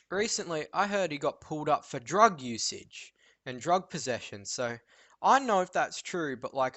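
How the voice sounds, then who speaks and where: A teenage boy vlogging an animated rant about school, telling stories with lots of fillers and restarts. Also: on the high side, no room sound. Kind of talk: ranting monologue vlog.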